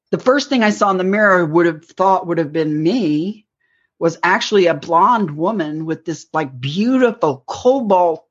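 A woman telling a rambling personal story in an interview, acting out the lines she quotes. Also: lowish voice. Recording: dull lo-fi recording.

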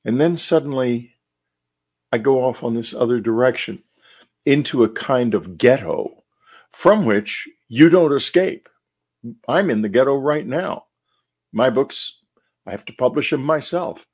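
Husky older man musing earnestly. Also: medium pitch, expressive, unhurried, pauses often, darkish tone. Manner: earnest, musing, asks many rhetorical questions. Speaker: podcast host. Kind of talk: reflective monologue.

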